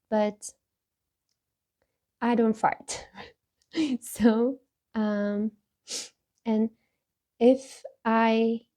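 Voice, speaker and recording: Slow, mellow-voiced woman vlogger. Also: fairly high pitch. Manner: halting and candid, with frequent laughs and restarts. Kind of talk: casual talk while taking a personality test.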